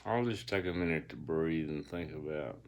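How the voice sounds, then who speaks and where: A man's voice: rumbling low, moderate pace. A man lying in bed, reading his own audiobook as a rambling, reflective spoken-word monologue. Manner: meandering, reflective, philosophical musing. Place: lying in bed in a dark room.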